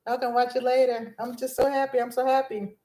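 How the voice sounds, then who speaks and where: This Los Angeles vlog host, a woman in her 50s, rambles excitedly on a livestream, bubbly and scattered and often starting sentences over. Her voice is high-pitched and dark in tone, brisk and flat in delivery, with roomy echo around it.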